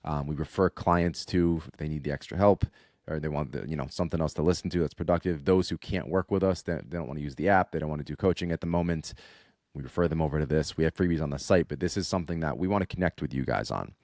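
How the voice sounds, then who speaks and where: Podcast co-host, young man, deep and dry, direct and upbeat. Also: fast talker, a little mellow, no room sound. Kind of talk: casual podcast chat.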